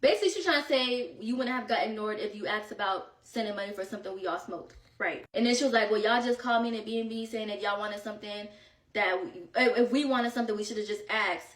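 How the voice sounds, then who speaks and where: A woman telling a vacation story in casual storytime style, animated and slangy, slightly out of breath. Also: medium pitch, quick pace, recorded from a distance. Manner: animated, slangy, quoting friends in bursts. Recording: echoey room, voice set back from mic.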